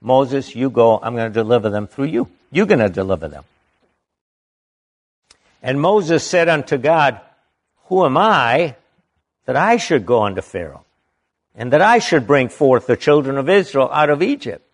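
A man preaching from the Bible, reading verses slowly and deliberately and stopping to add emphatic comments of his own. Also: medium pitch, sing-song.

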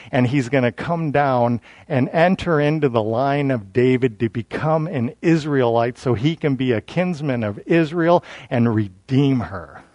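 A man's voice: medium pitch, a little mellow, no room sound. A man teaching a verse-by-verse sermon in a conversational, self-deprecating way, often restarting his sentences as he explains scripture. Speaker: Bible teacher.

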